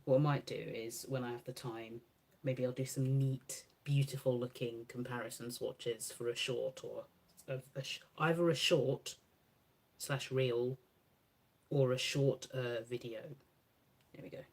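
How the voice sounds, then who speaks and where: A woman's voice: a bass voice, steady tone, unhurried. A woman beauty creator chatting casually through a makeup swatch demo, musing aloud and correcting herself as she goes.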